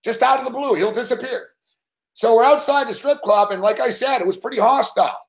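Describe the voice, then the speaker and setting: A man's voice: extremely high pitch, a little fast. A man hosting a live sports betting show, telling a rambling story full of swearing and laughing at himself.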